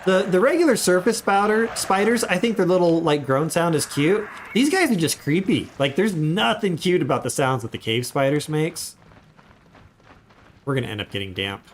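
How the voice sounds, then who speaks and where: Chatty man streaming a game, lively pitch. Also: normal speed, slight background noise. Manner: chatty, rambling asides while playing. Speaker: gaming streamer. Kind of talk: casual livestream commentary.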